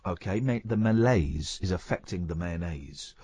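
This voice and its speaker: A man's voice: low-pitched, lively intonation, moderate pace, a little mellow, breathy edge. A man hosting a late-night radio show, rambling and teasing his co-host in a playful, chatty way. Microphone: studio microphone.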